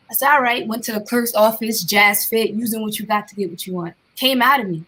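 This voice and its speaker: A woman's voice: fairly high pitch, fast, few pauses, breathy edge. A woman from New Jersey, a guest artist in a casual interview, telling stories with energy and acting out the voices of the people in them. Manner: animated storyteller acting out quoted voices.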